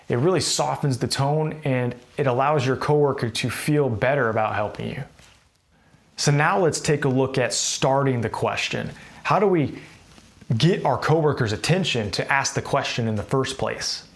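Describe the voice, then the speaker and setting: A man's voice: medium pitch, moderate pace. A man with an American accent teaching workplace English, explaining casually and acting out example phrases. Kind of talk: instructional explanation to camera.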